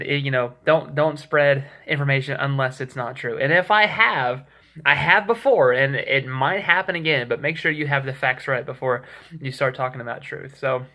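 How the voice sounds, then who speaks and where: A man's voice: mid-range voice, pushed and bright. A young man casually telling a rambling story to his camera, acting out the people he quotes. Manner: rambling, self-correcting, acts out quoted texts. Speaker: vlogger. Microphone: camera mic.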